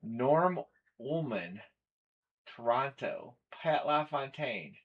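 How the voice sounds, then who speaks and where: A man's voice: medium pitch, lively intonation, extremely slow, muffled recording. Casual man hosting a live stream. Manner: casual, rambling, reads off players and teams. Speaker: stream host. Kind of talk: live breaking stream chat.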